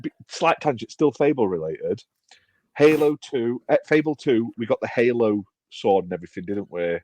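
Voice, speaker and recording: A man's voice: medium pitch, expressive, normal speed, darkish tone, no echo. A man co-hosting a podcast in casual chat, rambling with restarts and self-deprecating jokes. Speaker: podcast co-host.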